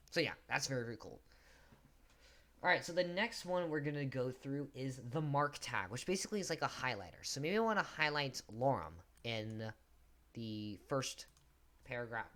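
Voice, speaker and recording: A man's voice: mid-range voice, fairly bright tone. A man hosting a coding tutorial, explaining casually and joking about himself as he types. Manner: casual, self-deprecating, talks while typing. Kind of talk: screen-recorded coding tutorial. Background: keyboard typing and clicks.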